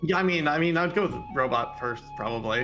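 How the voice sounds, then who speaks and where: A man's voice: a little high, expressive, fast, music in the background. A man doing casual game commentary, chatty, explaining the play and laughing easily.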